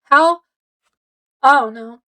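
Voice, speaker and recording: Slow-talking high-voiced woman reviewer. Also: sharp tone, rough recording. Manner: chatty, rambling with fillers. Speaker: book reviewer. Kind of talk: casual book review.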